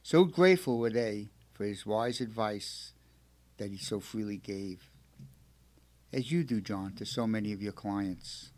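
A man hosting a radio talk show who stumbles and repeats words, speaking warmly to a caller and reading a saint's life aloud. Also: lowish voice. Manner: halting, repeats words, affectionate.

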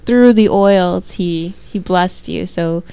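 A woman co-host reflecting quickly and with amusement on a guest's story. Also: lowish voice, gravelly, warm tone, clean tone. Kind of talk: casual chat.

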